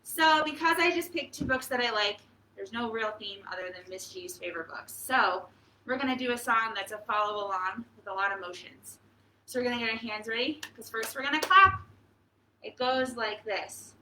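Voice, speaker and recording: A woman leading a preschool storytime as librarian, reading aloud and singing with a cheerful, animated manner. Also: a little high, moderate pace, roomy sound, a little hiss or hum. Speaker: children's librarian. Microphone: fixed camera.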